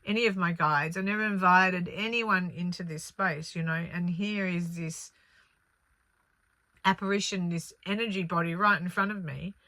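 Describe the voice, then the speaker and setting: Female spiritual storyteller, low-pitched but bright voice, earnest and animated, dry close recording. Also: normal speed, no room sound. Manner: earnest, animated retelling with many fillers. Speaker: spiritual channeller.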